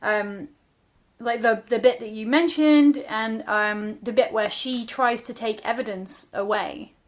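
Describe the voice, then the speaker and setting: A woman with a Northern English accent co-hosting a podcast, reacting quickly and chatting casually about a book. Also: on the high side. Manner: lively, laughs often, quick reactions. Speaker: podcast co-host.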